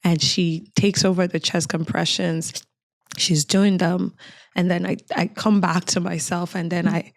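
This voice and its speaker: A middle-aged woman from Cameroon tells a personal story with earnest, emotional weight. Her voice sits on the low side and moves in a narrow, level band, delivered at an unhurried pace. The sound is smooth and clear, recorded close and dry. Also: dry recording. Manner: earnest, emotional recounting of a frightening memory. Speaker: podcast guest.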